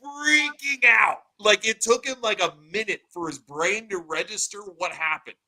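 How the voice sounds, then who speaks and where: A man in his thirties hosting a casual podcast, telling a story in an animated way and saying "dude" a lot. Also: high-pitched, moderate pace, rough recording. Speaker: podcast host.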